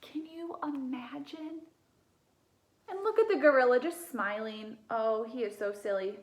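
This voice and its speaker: A young woman reading a children's picture book aloud as a teacher, gentle and animated, pausing to ask her listeners questions. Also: high voice.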